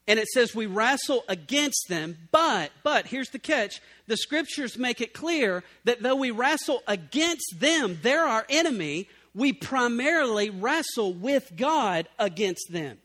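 A man preaching a sermon as pastor, swinging from loud emphatic bursts to low, quiet passages. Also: expressive, a little slow, few pauses.

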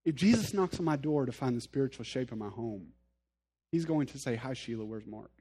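In a mid-range, dark voice with a breathy edge, a male pastor preaches briskly and expressively. The sermon feels earnest and conversational, as he talks right to his audience and laughs at himself.

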